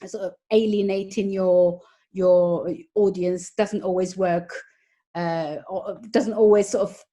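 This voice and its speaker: A woman film critic in a casual review chat, giving frank opinions in a halting way. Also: medium pitch, fairly even intonation, dark tone.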